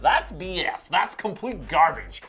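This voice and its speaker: A man doing a loud, cocky wrestler boasting. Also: sits high, expressive, measured pace, faint music behind, voice pushed up, exaggerated voice. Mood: boastful. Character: fired-up cocky male wrestler, in-character bragging.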